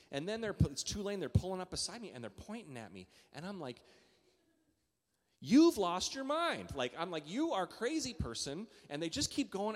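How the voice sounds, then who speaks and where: A man from Canada delivers a sermon from a church stage, his voice carrying a long reverb through the sanctuary. He moves between settled, steady teaching and animated storytelling that climbs higher and louder. His pitch sits in an ordinary middle range. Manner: storytelling, animated, rising loud in stories. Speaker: pastor.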